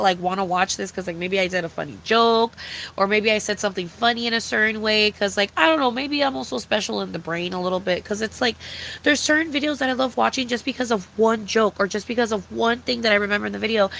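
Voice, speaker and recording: A woman's voice: a little high, vocal fry, fairly bright tone, a little hiss or hum. A young woman streamer in casual chat, rambling and swearing with many fillers.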